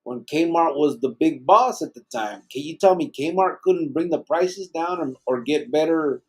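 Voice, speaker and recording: Husky-voiced man on a laid-back podcast. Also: on the high side, a little slow. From Arizona. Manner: laid-back, slangy, swears freely. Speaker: podcast host reading live chat. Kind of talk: casual live podcast chat.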